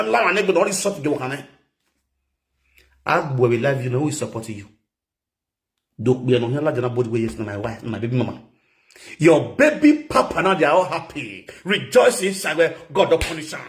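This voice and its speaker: A man holds forth in a loose, rambling way, his pitch sitting a little higher than most men's. He drops into low mutters one moment and bursts out loudly the next. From Nigeria. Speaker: social media personality. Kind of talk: rambling casual monologue in pidgin.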